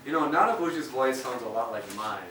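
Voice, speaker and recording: A Minnesota man performs as a puppeteer for elementary schoolchildren, speaking in an animated, medium-pitched voice at a fairly quick pace. He talks playfully and asks the kids questions, recorded on a distant mic in an echoey room with background noise and guitar behind.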